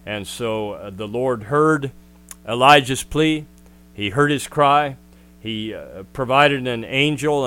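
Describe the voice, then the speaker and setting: Earnest preacher man, smooth clear voice. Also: medium pitch, fairly bright tone. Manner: earnest, with frequent "uh" fillers. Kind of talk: sermon.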